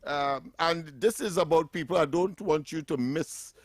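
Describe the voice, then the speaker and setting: A man's voice: on the high side, moderate pace, no echo, clean studio sound. A man hosting a morning talk radio show, bantering, laughing often and repeating words as he works through them.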